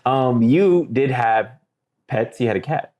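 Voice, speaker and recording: Chill young guy on a couples podcast, easygoing jokes, middle pitch. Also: animated, a little slow, a little mellow, highs cut off. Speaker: podcast co-host. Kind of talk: casual chat.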